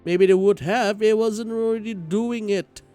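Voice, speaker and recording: A man voicing an earnest teenage girl in a visual novel game, gently asking questions. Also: high voice, fairly even intonation, normal speed, faint music behind, voice pushed up, natural voice. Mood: concerned.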